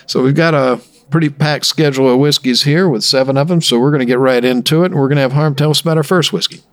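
A man hosting a whisky tasting show in a relaxed way, with hesitations. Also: a little high, fast, no room sound, clean studio sound. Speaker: show host. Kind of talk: casual hosted tasting show.

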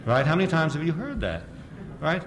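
A man's voice: a little high, a little fast. Guy lecturing on history, sardonic, keeps asking "right?", voice swings up and down a lot, faint hiss behind. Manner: sardonic, rhetorical questions, frequent "right?"; animated, chuckles at own points.

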